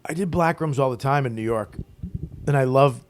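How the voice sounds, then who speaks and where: A male stand-up comedian tells stories in a relaxed interview, swearing freely along the way. He acts out the lines of the other people in his stories as he goes. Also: mid-range voice, normal speed. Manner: profane, animated storyteller who acts out other people's lines. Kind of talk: casual storytelling interview.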